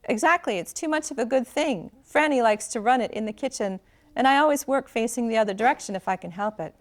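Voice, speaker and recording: A dry, deadpan young man voiced by a woman reading aloud, understated in every line. His voice sits a little high for a man. The telling is plain and unhurried, like a book being read to listeners. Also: lightly acted.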